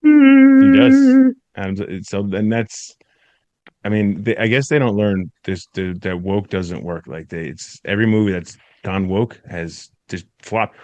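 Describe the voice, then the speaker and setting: Deep-ish, blunt ranting male co-host. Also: unhurried, a little mellow, no echo. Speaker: podcast co-host. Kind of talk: casual crude banter.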